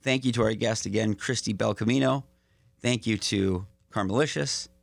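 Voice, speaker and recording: A man's voice: lowish voice, normal speed, creaky, dry recording. A man hosting a podcast, chatting casually with his guest in a laid-back way. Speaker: podcast host. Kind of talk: casual chat.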